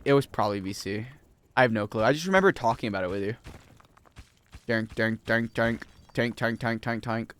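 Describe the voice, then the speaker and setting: A young man streaming a video game, rambling and joking casually with his chat. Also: no echo. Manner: rambling, joking, animated swings in pitch.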